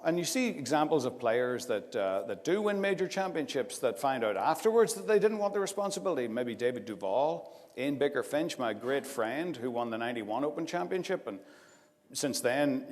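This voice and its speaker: A man giving an after-dinner speech, telling a rambling anecdote and breaking into laughter as he goes. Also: medium pitch. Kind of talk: storytelling speech to a live audience. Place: large event hall. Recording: long hall reverb.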